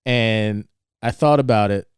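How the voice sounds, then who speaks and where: A lowish, clean-toned male voice at a measured pace, recorded in clean studio sound with no room noise. The young podcast co-host casually rambles through a movie scene, animatedly quoting what the characters say.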